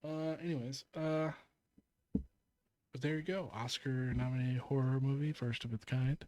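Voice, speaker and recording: A man's voice: mid-range voice, steady tone, normal speed, darkish tone. A man co-hosting a podcast in casual chat, animatedly retelling a film scene, swearing and acting out the lines. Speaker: podcast co-host.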